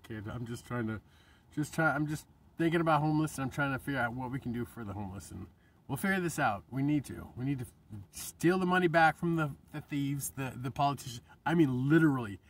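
A man's voice: a little high, a bit bright, recorded from a distance. A middle-aged man in an emotional monologue to camera, impassioned and rambling, swearing and restarting his sentences. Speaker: vlogger.

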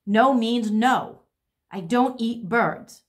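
A woman's voice: fairly high pitch, slow pace, pitched above the performer's own voice. A woman voicing a grumpy male house cat, exasperated and insistent.

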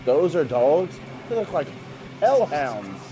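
A man's voice: a little high, big pitch swings, slow pace, background noise. A man giving jumpy, jokey commentary while playing a game, often talking to himself. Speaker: gamer. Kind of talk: let's play commentary.

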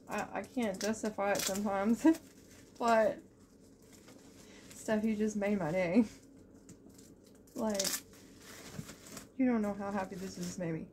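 A young woman with a drawl gushes through a casual beauty unboxing, her voice sitting at an ordinary middle pitch. She talks in quick, excitable bursts packed with fillers. A faint noise floor runs under the recording. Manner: gushing and excitable, lots of "like" and "y'all". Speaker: beauty vlogger.

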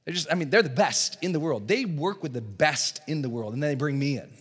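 A man giving an energetic motivational seminar talk to a live audience in a large event hall, often acting out voices in his stories. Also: fairly high pitch, a little fast, breathy edge. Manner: energetic, animated, acts out dialogue in voices. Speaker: motivational speaker and coach.

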